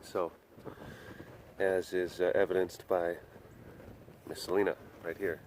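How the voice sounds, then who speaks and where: A man's voice: low voice, little pitch movement, slow, darkish tone. Man, casual vlog, rambling, playful, talks to animals, outdoors, faint background noise. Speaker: big cat facility vlogger. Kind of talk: casual walk-around commentary.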